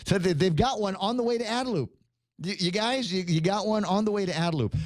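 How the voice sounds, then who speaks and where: A man's voice: sits high, quick pace, dry recording. A man hosting a morning radio show, chatting casually, laughing often and stammering over repeated words. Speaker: radio host.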